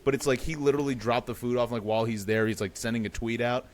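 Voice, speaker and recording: A man's voice: medium pitch, steady tone, fast talker. A man co-hosting a sports podcast, chatting casually and rambling with sarcastic asides. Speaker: podcast co-host.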